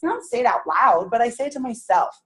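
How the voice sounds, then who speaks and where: A woman in her thirties leading a motivational sales meeting, animated and laughing as she acts out self-talk. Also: on the high side, quick pace. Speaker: sales team leader.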